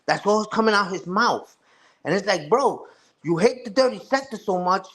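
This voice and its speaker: A man's voice: high-pitched, moderate pace, fairly bright tone. A man ranting casually and profanely on a live stream, repeating himself and asking "you heard?" again and again.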